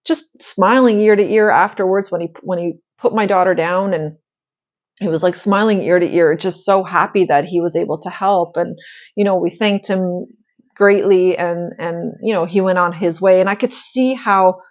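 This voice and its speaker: A woman's voice: on the low side, normal speed, lo-fi sound. A woman host telling a personal story in a casual, earnest way, with many fillers and restarts. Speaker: spiritual channel host.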